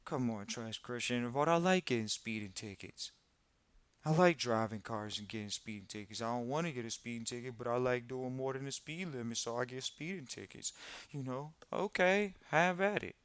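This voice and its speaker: A man hosting a live podcast in casual talk, animated and repeating phrases for emphasis. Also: mid-range voice, normal speed, clear, resonant tone, no echo. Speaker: podcast host.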